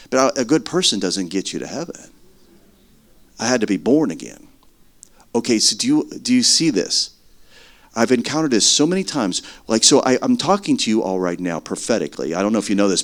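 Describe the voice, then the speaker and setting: A middle-aged man preaching a sermon as earnest testimony, swinging between loud stretches and hushed ones. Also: fairly low pitch.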